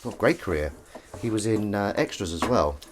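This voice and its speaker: A man's voice: on the low side, lively intonation, brisk, slight background noise. A man hosting a livestream, chatting and rambling while washing dishes. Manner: rambling, chatty, self-interrupting. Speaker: livestream host. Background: clattering dishes and cutlery.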